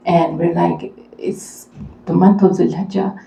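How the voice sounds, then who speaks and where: Her voice is fairly low and dark with vocal fry, unhurried and fairly even in intonation. She is a mother at a community event, earnestly telling a personal story in a conversational way with many fillers, recorded in an echoey room.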